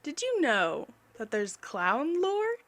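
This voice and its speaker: Young woman, artist vlogger, unhurried higher voice, rambling self-mocking chatter. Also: wildly swooping pitch, fairly bright tone. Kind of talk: casual voice-over chat.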